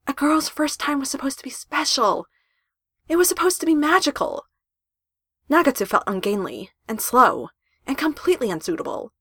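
A woman reading a story aloud in an expressive narration style with emphatic rises. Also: high voice, moderate pace, no echo, clean studio sound.

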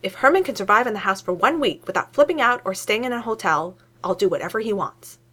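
Female reader voicing a hyper young male scientist, eager and loud, very lively pitch. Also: slightly rough. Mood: excitable. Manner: rapid, excitable, voice shooting up.

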